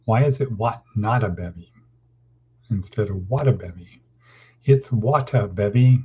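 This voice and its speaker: Rambling, husky-voiced man with a low-fi sound. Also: measured pace. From California. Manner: rambling, folksy, jumps between topics. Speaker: host of a daily motivational session. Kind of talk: casual morning talk. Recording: dull lo-fi sound.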